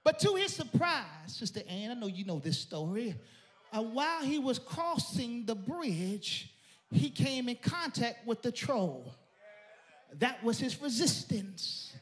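A male pastor a sermon, telling a story and building to shouted praise. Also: extremely high pitch, very animated, a little slow.

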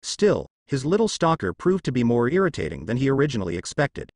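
Male narrator, lively storytelling read, dry close sound. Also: mid-range voice, brisk, creaky, no echo. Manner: straightforward storytelling. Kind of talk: reading a fan story aloud.

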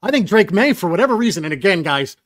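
A man co-hosting a casual sports podcast, opinionated, with quick short agreements. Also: sits high, very animated. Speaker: podcast co-host.

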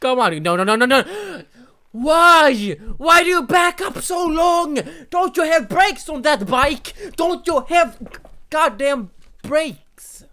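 Loud excitable young gamer shouting. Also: male voice, very high voice, slow. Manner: loud, excitable, yelling and swearing at the game. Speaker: gaming channel host. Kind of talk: let's play commentary.

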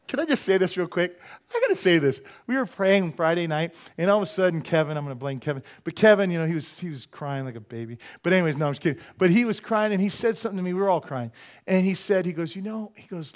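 Pastor, male, high voice, jokey animated sermon delivery in church. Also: fast. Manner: animated, joking, rhetorical questions. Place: church sanctuary.

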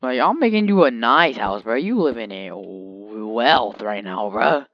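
Slow, lively rambling young gamer guy. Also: mid-range voice. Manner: rambling, jokey, talks to his pet in the game. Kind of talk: casual gameplay commentary. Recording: dull lo-fi mic.

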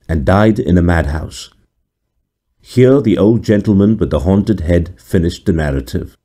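Deep, mellow male storyteller. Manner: deliberate, dramatic storytelling. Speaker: narrator. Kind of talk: scripted horror story narration.

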